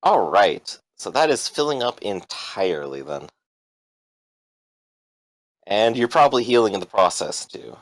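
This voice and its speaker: A man running a tabletop game as game master, talking in a relaxed, hesitant way. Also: on the low side, measured pace, long pauses, dry recording, rough recording.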